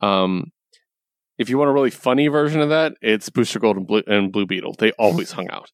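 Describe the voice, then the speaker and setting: A man's voice: lowish voice, fairly quick, no echo. A young man in casual chat, retelling a comic book story with lots of laughs and casual swearing. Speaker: podcast co-host reviewing comics.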